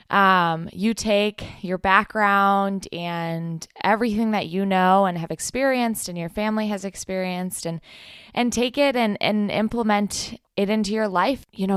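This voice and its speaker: A woman's voice: mid-range voice, fairly bright tone, clear, resonant tone, dry recording, studio quality. A woman hosting a podcast interview, encouraging and admiring, sometimes repeating her words. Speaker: podcast host.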